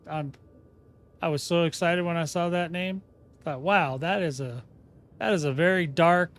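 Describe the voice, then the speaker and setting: A man's voice: on the high side, clear, resonant tone. A man chatting casually on a game livestream, rambling and often breaking off mid-sentence. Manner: rambling, self-interrupting, chatty. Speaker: game streamer.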